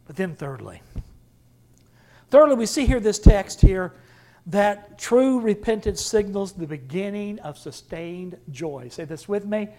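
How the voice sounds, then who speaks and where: A man preaching a sermon with dramatic swings from loud to hushed. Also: high voice, gravelly. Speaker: pastor.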